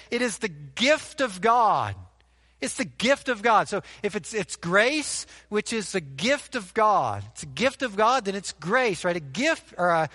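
A man's voice: sits high, pushed and bright, long reverb tail. A man preaching a sermon, emphatic, repeating key phrases and asking rhetorical questions to the congregation. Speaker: pastor.

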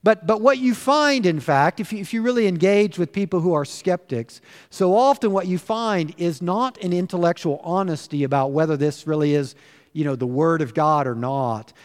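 A man's voice: on the high side, moderate pace. A man preaching a sermon as pastor in his church, emphatic and full of rhetorical questions. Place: church sanctuary. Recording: long church reverb.

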